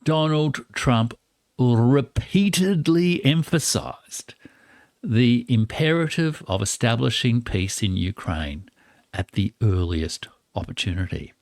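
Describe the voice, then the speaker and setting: A man hosting a live-stream political commentary, reading out quotes and explaining them deliberately. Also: medium pitch, animated, darkish tone, no echo, clean studio sound.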